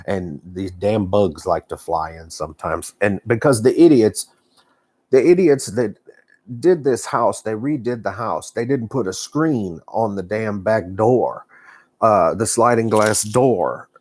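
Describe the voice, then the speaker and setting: Texan man, folksy rambling live-stream host, lowish pitch, dry close sound. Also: expressive, unhurried, no echo. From Texas. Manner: rambling, folksy, many fillers and restarts. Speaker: knitting vlogger. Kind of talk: casual live-stream chat. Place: home living room.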